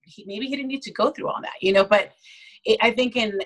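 Animated woman in casual parenting talk. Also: on the high side, a little fast, low-quality recording. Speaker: parenting guest. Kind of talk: casual podcast chat.

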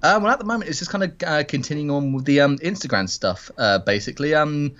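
A British man appearing as a podcast guest, chatting quickly and politely with lots of fillers. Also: fairly high pitch, lively intonation, a bit bright, lo-fi sound. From Britain. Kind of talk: casual chat.

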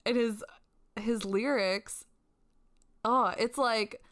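A woman co-hosting a casual music review chat, talking excitedly with lots of "like" fillers. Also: on the high side, slow pace. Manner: excited, gushing, many "like" fillers. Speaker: co-host reviewing songs.

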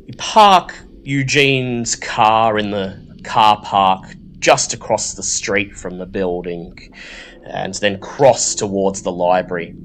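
A man narrating a tabletop horror game as game master, in a measured, descriptive way. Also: lowish voice, a bit bright, slight background noise.

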